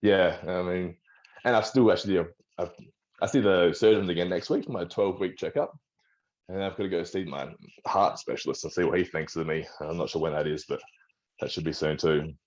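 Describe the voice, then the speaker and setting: This low, brisk male voice has a darkish tone, and the recording has its highs cut off. He's an Australian strongman and personal trainer, a guest in a casual interview, rambling through a story with restarts and acting out what his doctors told him.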